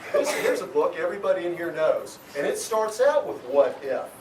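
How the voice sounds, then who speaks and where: A man, a children's author, giving a lively, expressive talk to schoolchildren and asking them questions. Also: high-pitched, brisk, crowd noise. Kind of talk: animated talk and reading to schoolchildren. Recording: echoey school room, far from mic. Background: children in the audience.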